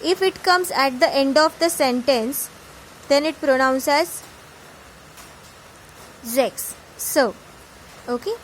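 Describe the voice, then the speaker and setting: High-voiced woman tutor, Indian English accent. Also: unhurried, a little hiss or hum, poor audio. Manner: reads each word then glosses it in English. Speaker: German tutor. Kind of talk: reading vocabulary with translations.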